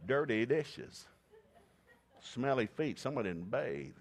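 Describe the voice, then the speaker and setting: A middle-aged man preaching a sermon, mixing scripture readings with joking asides and loud whoops of laughter. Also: mid-range voice, animated, takes it slowly.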